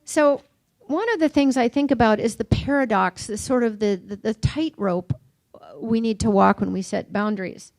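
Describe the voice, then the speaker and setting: An older woman giving a reflective recovery workshop talk, mixing gentle questions with personal stories. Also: a little high, normal speed, no room sound. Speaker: workshop speaker.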